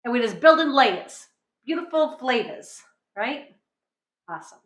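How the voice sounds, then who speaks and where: Her voice is high, very animated, a little slow and somewhat bright as she, a middle-aged New Englander, runs a casual cooking demo from her home kitchen. Chatty and upbeat, she often checks in with "right?". The recording is rough and reverberant.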